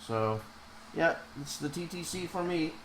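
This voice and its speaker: A man's voice: fairly high pitch, animated, measured pace, noisy background. A man who has a cold, chatting casually while streaming live as an animator and reacting to his chat.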